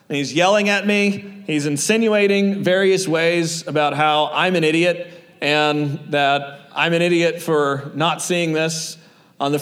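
A man's voice: fairly high pitch, fairly bright tone, long reverb tail. A man preaching a sermon in an earnest, conversational way, full of fillers and personal stories.

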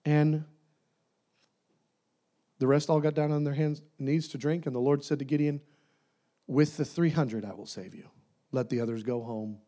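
A man preaching a sermon, animated, acting out voices and dropping to near-whispers for emphasis. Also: a little high, normal speed, long pauses. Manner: dynamic, swinging from loud to soft near-whispers.

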